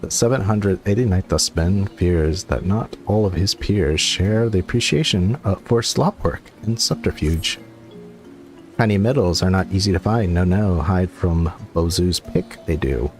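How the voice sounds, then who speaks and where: A man's voice: low-pitched, unhurried, darkish tone, faint music behind. A man voicing a sly, boastful little male kobold miner who mutters and repeats himself. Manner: sly, repetitive, mutters asides.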